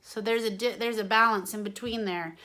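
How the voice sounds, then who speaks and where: A woman's voice: mid-range voice, fairly even intonation, a little fast, bright, forceful tone. A woman drama teacher giving an online singing lesson, explaining each point to her students and then singing examples.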